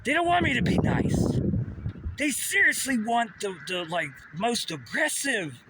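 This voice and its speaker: This vlogger's voice is very high and very animated, a little slow. He rambles and swears while walking outdoors, speaking directly to Russia, captured on a handheld phone by a road amid outdoor noise and passing vehicles.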